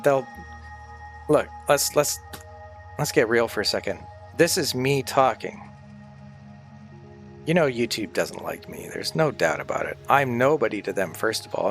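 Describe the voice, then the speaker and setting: A man's voice: mid-range voice, fairly bright tone. A man chatting casually on a livestream, rambling and swearing freely, sounding tired and sick.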